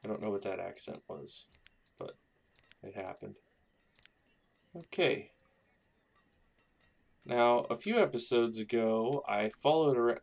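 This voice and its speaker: Man, slow unhurried delivery, gravelly low voice, relaxed gameplay commentary, thinking aloud. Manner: rambling, thinking aloud while building. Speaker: gaming YouTuber.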